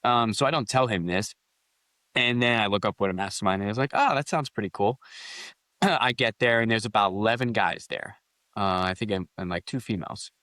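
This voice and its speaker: A man's voice: lowish voice, fairly quick, sharp tone, no room sound. A man, a company founder guest on a podcast, telling rambling anecdotes in a casual interview, with restarts and quoted dialogue.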